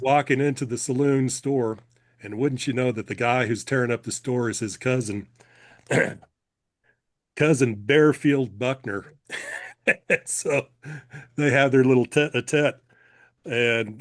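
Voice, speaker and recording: A man in a relaxed podcast chat, retelling a story with plenty of laughs and the odd cleared throat. His voice sits at a middling pitch. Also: a little slow. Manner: chatty, laughs often, clears throat, restarts.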